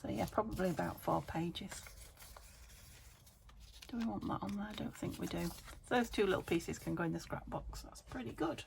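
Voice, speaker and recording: Uk lady crafting and chatting to her viewers, muttering to herself as she works, bit of fry in her voice, clicky noisy recording. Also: mid-range voice, normal speed. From United Kingdom. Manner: chatty, thinking aloud while working, soft half-whispered asides. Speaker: craft vlogger. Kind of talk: casual crafting chat to camera.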